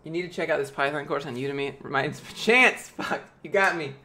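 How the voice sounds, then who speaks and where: A man's voice: fairly high pitch, fast talker, pushed and bright. A young man chatting casually on a live stream, answering chat with rambling, jokey, profane talk.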